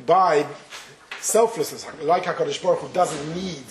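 A rabbi telling a parable and giving a spoken Torah lesson, with small hesitations. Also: male voice, fairly high pitch, steady tone, moderate pace. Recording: roomy echo, faint noise.

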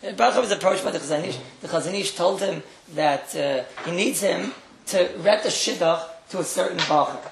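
A man's voice: sits high, a little fast, vocal fry, a little hiss or hum. A man speaking as a rabbi, giving a religious talk as a wry storyteller who makes joking asides and repeats his phrases. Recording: roomy echo.

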